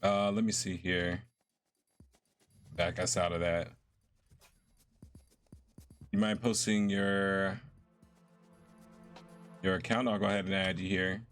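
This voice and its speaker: A relaxed young man talks through his game stream in an easygoing, chatty way, laughing often. His voice sits fairly low, and faint game music plays behind him. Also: slow, pauses often. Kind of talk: casual live-stream chat while gaming.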